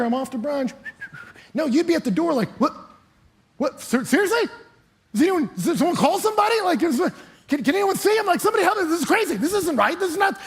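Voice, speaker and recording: Middle-aged male pastor, preaches with animated storytelling, raised and slightly breathy voice. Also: on the high side. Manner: animated storytelling, acting out voices with big swings in loudness. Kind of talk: sermon.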